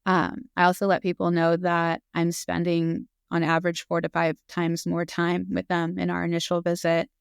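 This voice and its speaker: A woman in her thirties speaks as a podcast guest in an open, earnest, unscripted way, dropping in "um"s as she goes. Her voice is smooth and resonant, with a gravelly edge. The recording is close and dry. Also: lowish voice, monotone, normal speed, no echo. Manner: earnest and open, with fillers and laughs. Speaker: guest, physician assistant. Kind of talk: casual interview conversation.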